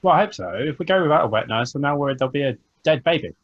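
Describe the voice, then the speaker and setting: Male player, animated and lively, jokey chatter, dull lo-fi call sound. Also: on the high side, rapid-fire. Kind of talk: casual chat while playing a tabletop game.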